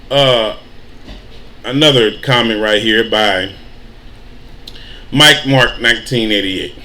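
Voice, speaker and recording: A man's voice: on the high side, sharp tone. A man hosting an emotional news commentary stream, pleading and preaching with rising rhetorical questions.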